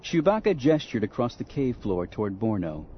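A man's voice: on the low side, moderate pace, slightly rough. A man narrating an audiobook dramatically, voicing characters along the way. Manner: expressive, acts out voices. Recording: dull lo-fi audio with faint music.

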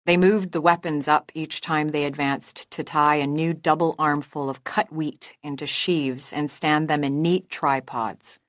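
A woman reading a novel aloud as narrator in a measured, even storytelling manner. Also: low-pitched, no echo, clean studio sound. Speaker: audiobook narrator. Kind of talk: scripted narration.

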